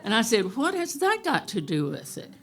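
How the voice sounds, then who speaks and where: A woman telling a true story on stage to a live audience, wry and unhurried, often chuckling. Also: on the high side, wildly swooping pitch, fairly bright tone, some chatter behind.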